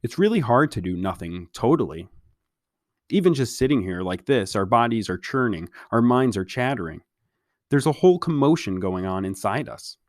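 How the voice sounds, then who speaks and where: A man reading aloud and voicing a dreamy, whimsical teenage girl who speaks softly and slowly. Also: lowish voice, expressive, dry recording, clean studio sound, lightly acted.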